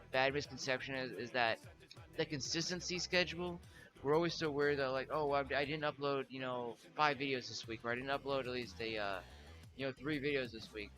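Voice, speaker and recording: A man's voice: medium pitch, pushed and bright. A young man chatting casually with his viewers as a streamer, rambling with lots of filler words and frequent laughs. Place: home room.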